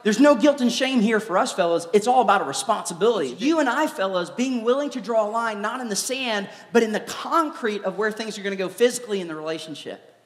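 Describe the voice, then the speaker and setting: A man, a former youth pastor, giving a live preaching talk in an animated, joking storytelling manner in a large church hall. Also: sits high, quick pace. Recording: echoey hall with long reverb.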